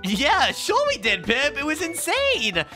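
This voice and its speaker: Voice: sits high, wildly swooping pitch, exaggerated voice. A performer voicing a boastful, playful boy gamer who hosts a gameplay chat, with faint music behind. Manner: bragging, playful, fast-talking. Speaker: channel host. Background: faint background music.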